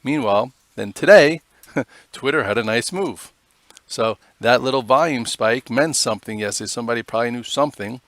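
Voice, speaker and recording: A man's voice: mid-range voice, moderate pace, a bit bright, no echo. A man hosting a live stock trading show, giving casual, rambling commentary on charts with many fillers.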